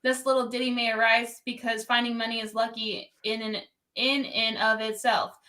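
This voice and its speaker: A woman from New Jersey co-hosting a podcast, chatting casually and animatedly with quick asides and laughter. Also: on the high side, flat delivery, pushed and bright. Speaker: podcast co-host. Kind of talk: casual chat.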